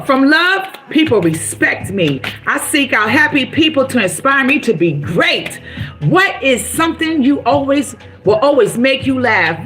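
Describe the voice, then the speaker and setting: A woman's voice: fairly high pitch, a bit bright. A woman giving casual motivational talk to her viewers, preachy and encouraging, repeating herself often. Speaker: motivational vlogger.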